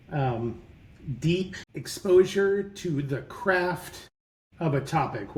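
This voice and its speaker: A man in his fifties telling rambling, animated stories as a podcast guest. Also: medium pitch, echoey room, poor audio. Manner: rambling, animated, self-correcting anecdotes. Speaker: guest entrepreneur. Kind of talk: conversational interview storytelling.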